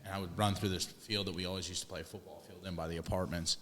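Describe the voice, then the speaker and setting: Casting note: young guy, low voice, loose and profane storyteller, recorded in a reverberant room. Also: fairly even intonation, quick pace, fairly bright tone, a little hiss or hum. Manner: rambling, swearing, restarts. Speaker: podcast co-host. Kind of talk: casual storytelling chat.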